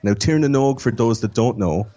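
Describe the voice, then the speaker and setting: A man telling loose, animated stories as a guest on a casual podcast. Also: mid-range voice, moderate pace, muffled recording. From Ireland. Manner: rambling, animated storytelling.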